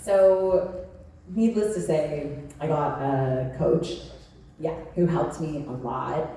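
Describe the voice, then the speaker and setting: A guest actress in her thirties speaks on a convention panel with a deep, warm voice and a slow pace. She chats and laughs through her stories, saying "like" often, and the sound is distant and echoey from the large convention hall.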